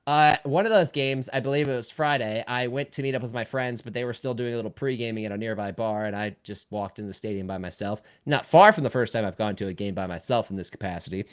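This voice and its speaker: A man from Cleveland co-hosting a podcast, telling a long story in a lively way that swings between loud outbursts and quiet asides. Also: mid-range voice, fast talker, few pauses, clean tone. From Cleveland, Ohio. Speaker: podcast co-host. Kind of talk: casual chat, telling a story.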